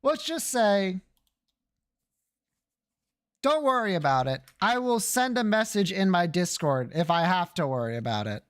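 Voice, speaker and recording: Laid-back streamer chatting with chat, talks slow, swears a bunch, pitch all over the place. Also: big pitch swings. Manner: casual, joking, swears freely. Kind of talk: casual game stream chat.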